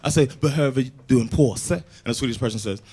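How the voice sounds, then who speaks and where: A man doing a stand-up comedy set, telling animated stories and slipping in Swedish phrases and big impressions. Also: mid-range voice, fast. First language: English. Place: comedy club stage before a live audience. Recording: live club recording with audience laughter and noise.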